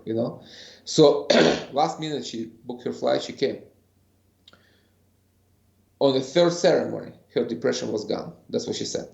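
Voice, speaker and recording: A man's voice: medium pitch, moderate pace, vocal fry, long pauses, a little mellow, echoey room, highs cut off. A man being interviewed as a guest, telling an earnest story and acting out what others said. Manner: earnest, re-enacts other people's words in quotes. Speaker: podcast guest, ceremony facilitator.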